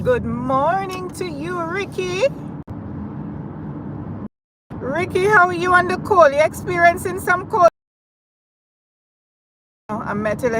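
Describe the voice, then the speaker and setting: High-voiced Jamaican woman chatting while driving. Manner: chatty, addresses viewers directly. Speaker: live-stream host. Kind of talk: casual live-stream chat. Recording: car and road noise.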